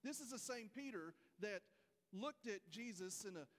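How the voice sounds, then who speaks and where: A man's voice: sits high, animated, moderate pace, fairly bright tone, long reverb tail. A man preaching a folksy sermon, speaking straight to his congregation. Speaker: pastor. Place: church sanctuary.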